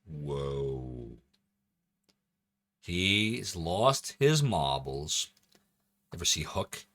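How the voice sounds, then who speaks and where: A man's voice: very deep voice, very animated, extremely slow, a bit bright, no room sound, studio quality. A man casually commentating as he streams a video game, thinking aloud and joking as he plays. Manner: chatty, thinks aloud, jokey.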